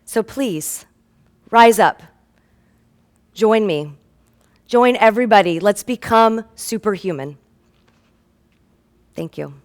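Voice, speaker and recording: A woman's voice: medium pitch, expressive, takes it slowly, long pauses. A woman health practitioner giving an inspirational stage talk. She speaks earnestly and with emotion, tells stories about her patients with acted-out dialogue, and builds up to rallying calls to her listeners.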